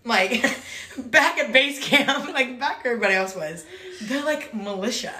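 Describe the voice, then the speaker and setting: Young woman, lively storyteller, bright tone, roomy echo. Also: a little high, normal speed. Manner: animated, acts out quotes, laughs often. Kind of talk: casual chat, storytelling. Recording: echoey room.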